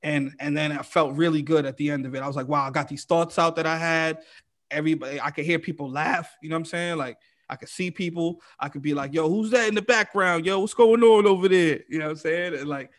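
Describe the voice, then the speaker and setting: An energetic New comedian talks in street slang and swears freely. His voice is a little higher than most men's. He tells his stories with animated bursts. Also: quick pace. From New York, United States. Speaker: comedian guest. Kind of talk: casual podcast chat.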